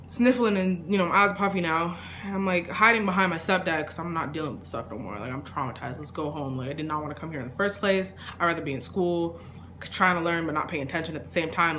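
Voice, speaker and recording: A young woman telling a personal story in a casual vlog, rambling with lots of fillers and trailing off into quiet asides. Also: fairly low pitch, a little hiss or hum. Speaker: vlogger.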